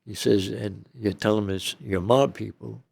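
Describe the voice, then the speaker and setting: Gravelly low-voiced older man. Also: fairly even intonation, measured pace, a little mellow. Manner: rambling, peppers talk with "okay?" and "you know". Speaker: interview guest. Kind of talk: storytelling.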